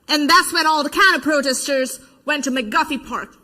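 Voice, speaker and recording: Brief: an actress as a female protester witness, high voice, vivid stage retelling that acts out quoted voices. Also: sharp tone, full character voice. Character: adult female protester giving eyewitness testimony. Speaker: stage actor. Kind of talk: verbatim theater monologue.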